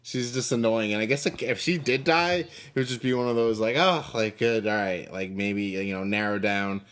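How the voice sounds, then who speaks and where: A man co-hosting a casual TV review podcast, talking haltingly and often trailing off. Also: fairly low pitch, a bit bright, clean tone. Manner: hesitant, full of fillers and restarts. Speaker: podcast co-host.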